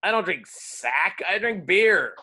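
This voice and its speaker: A man playing a blustering, indignant drunk lowborn man in a classroom reading. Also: lively intonation, takes it slowly, pushed and bright, husky, heavily acted.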